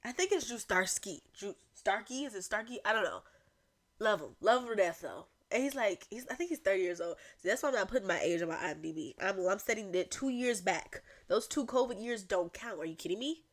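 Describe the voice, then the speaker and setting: A young woman hosting a solo podcast, talking in a chatty, rambling way with animated asides. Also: mid-range voice, brisk. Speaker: podcast host. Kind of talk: casual solo chat.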